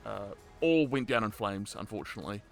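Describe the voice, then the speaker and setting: A man in his thirties leads a relaxed interview with a fairly low voice. He tells stories animatedly, cracking jokes and laughing along the way. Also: brisk, creaky, faint music behind. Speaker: podcast host and roleplay community admin. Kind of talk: casual conversational interview.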